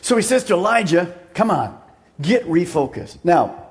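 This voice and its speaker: A male pastor delivering a sermon in a fairly high voice. He pushes key lines up loud and high, then drops to a soft, breathy hush. He often repeats words and restarts his phrases. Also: big pitch swings, moderate pace. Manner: dynamic preaching, swings from loud emphasis to hushed near-whisper.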